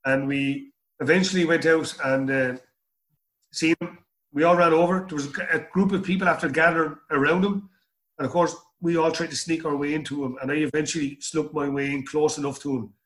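A man's voice: a little high, steady tone, fairly quick, fairly bright tone. A middle-aged Irish man telling stories in an interview, rambling and repeating words as he goes. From Ireland. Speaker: guest. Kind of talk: storytelling interview.

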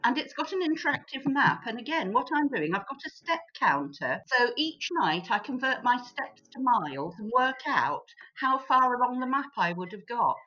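A woman from England telling holiday stories in a casual chat with friends, animated and chatty. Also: fairly high pitch, normal speed, hardly any pauses. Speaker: group member sharing stories. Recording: dull lo-fi sound.

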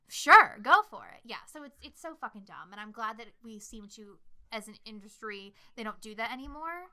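A young woman co-hosting a casual horror movie podcast, swearing freely and telling scenes with lively, shouted impressions. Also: fairly high pitch, moderate pace. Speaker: podcast co-host.

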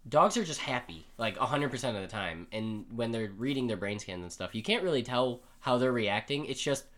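A man's voice: medium pitch, animated, brisk, fairly bright tone. A man co-hosting a casual podcast, rambling and joking as he recaps a story, swearing freely. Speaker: podcast co-host. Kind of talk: casual comic chat.

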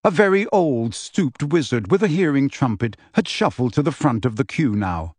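A man reading a book passage aloud on a podcast in a measured, list-like way. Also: mid-range voice, expressive, darkish tone, husky, no echo. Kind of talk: audiobook-style reading.

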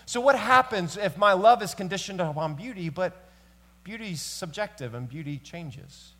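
A man preaches in a loose, conversational way, talking straight to the men in the congregation. His voice sits a little high for a man. The sound carries a long church-hall reverb. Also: lively intonation, moderate pace, sharp tone. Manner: conversational storytelling, addresses the men in the room. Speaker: pastor. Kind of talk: sermon. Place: church sanctuary.

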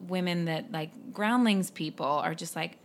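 A woman's voice: fairly low pitch, moderate pace, a little hiss or hum. A woman hosting a podcast, talking casually and rambling with lots of fillers. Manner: rambling, full of "like" and "um". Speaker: podcast host.

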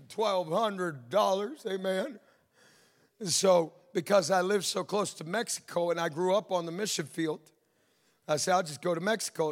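Gravelly high-voiced man preaching a sermon. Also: in a large hall. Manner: shouting, sing-song preaching with frequent amens.

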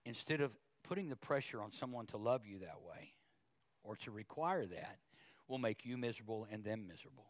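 A male pastor preaching a sermon, talking conversationally with asides and repeated words, then rising in pitch and volume as he gets emotional. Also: normal speed, no echo. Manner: emotional, grows louder and higher when preaching.

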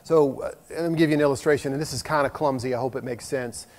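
A middle-aged man preaching a sermon as a pastor, earnest and conversational, moving between loud emphasis and hushed asides. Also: mid-range voice, steady tone, quick pace. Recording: long reverb of a large hall.

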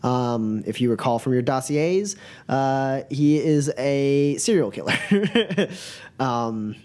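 A man's voice: mid-range voice, lively intonation, slow, darkish tone. A man narrating as game master in a tabletop game, rambling with many fillers.

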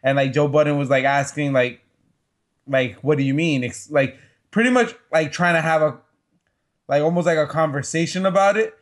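A man's voice: fairly high pitch, fairly even intonation, normal speed. A man co-hosting a casual podcast, talking loosely with lots of fillers and profanity. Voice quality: loose, rambling speech full of fillers and profanity. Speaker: podcast co-host. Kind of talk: casual chat.

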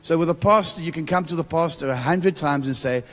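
A man's voice: a little high, a little fast, fairly bright tone. A man with a South African accent preaching a church sermon as a guest prophet, repeating words and calling for amens with playful asides. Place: church hall. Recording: long reverb of a church hall.

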